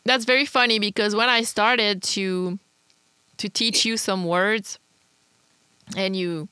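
A woman's voice: medium pitch, fairly even intonation, takes it slowly, bright, forceful tone, smooth, no room sound. A woman with a Quebecois French accent hosting a podcast, chatting casually and teasing her guest, laughing often. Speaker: podcast host. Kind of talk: casual chat.

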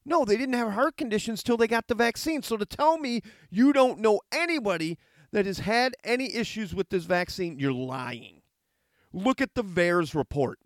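Reacting to a letter he reads aloud, a middle-aged man delivers a heated, sarcastic rebuttal in an animated, fairly high voice at normal speed. The audio is clean studio sound without any echo.

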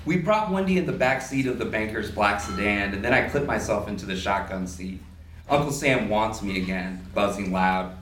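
A man reading a first-person prose story aloud at a live literary event, with a lively storytelling manner. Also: fairly low pitch, normal speed, a little hiss or hum. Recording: roomy hall, distant mic, faint ambience.

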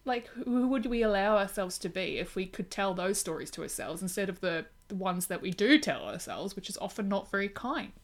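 A woman co-hosting a podcast, in casual film discussion, talking in an animated way and retelling scenes with lively emphasis. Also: medium pitch, fairly quick, hardly any pauses. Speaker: podcast co-host.

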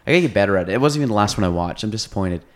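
A man with a lowish voice co-hosting a casual podcast. He rambles, restarts and trails off mid-thought as he chats. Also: lively intonation, rapid-fire. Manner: rambling, self-interrupting, trailing off. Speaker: podcast co-host.

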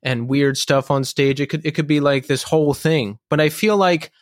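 A man's voice: on the high side, fairly even intonation, moderate pace, no room sound, clean studio sound. A man hosting a podcast interview, easygoing and chatty, asking questions and riffing along with his guest. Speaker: podcast host. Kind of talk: casual interview chat.

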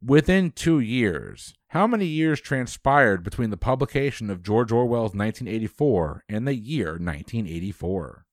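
A man hosting a trivia quiz, reading questions briskly and dropping dry quips. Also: medium pitch, very animated, no echo.

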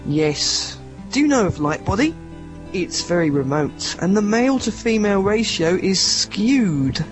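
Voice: medium pitch, sing-song, measured pace, music in the background. A performer voicing a sad, lovesick talking male polar bear in a comic amateur pantomime. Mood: plaintive.

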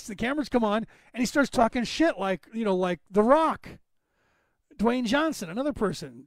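Podcast host, male, high-pitched, emphatic and chatty, dry unechoing room. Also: no room sound. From Northern California. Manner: rambling, emphatic, addresses listeners by name. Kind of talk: casual monologue to listeners.

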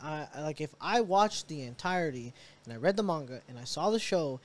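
A man co-hosting a casual podcast chat, telling stories in an animated way, swearing and acting out reactions. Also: a little high, a little fast. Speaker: podcast co-host.

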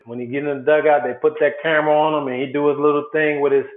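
A man's voice: on the high side, very fast. Storytelling man from Chicago on a tinny line. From South Side of Chicago. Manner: animated storyteller, acts out quotes. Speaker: former baseball player, guest. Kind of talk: storytelling interview answers. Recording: echoey, phone-like sound.

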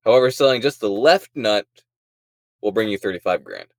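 A man's voice: on the low side, a little fast, no echo. A young man co-hosting a podcast, laughing and joking in crude casual chat. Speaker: podcast co-host.

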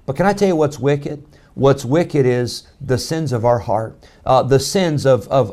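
A man, preaching a sermon as pastor, rising loud on key lines and dropping to a low hush for emphasis. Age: 40s.

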